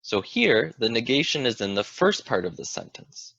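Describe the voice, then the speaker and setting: A man's voice: mid-range voice, sing-song, moderate pace, gravelly, fairly bright tone, husky, no room sound, lo-fi sound. A man teaching an English grammar lesson, explaining patiently and asking the viewer questions.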